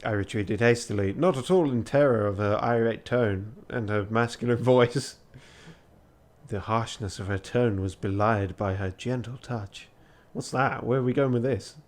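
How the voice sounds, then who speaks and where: A man's voice: medium pitch, moderate pace. A tired man reading a text adventure aloud late at night on a charity stream, with joking asides.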